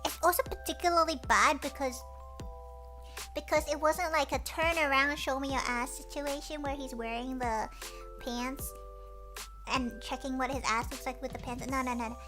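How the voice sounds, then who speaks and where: A woman streamer telling a story in casual chat, animated and acting out what people said, often breaking into laughter. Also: high voice, moderate pace, music in the background.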